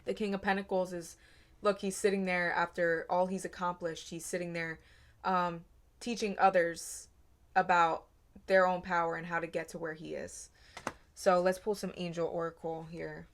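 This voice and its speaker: A woman's voice: on the low side, level tone, moderate pace. A woman giving a casual tarot reading, earnest and rambling, with many fillers. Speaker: tarot reader.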